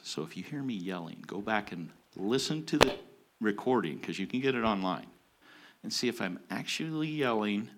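Emphatic man teaching scripture. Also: on the low side. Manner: emphatic, stresses key words. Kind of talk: Bible teaching.

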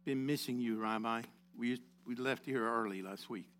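A man preaching a sermon to his congregation, calling on members by name, rising to loud exhortations and dropping low again. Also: normal speed, slight background noise. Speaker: pastor.

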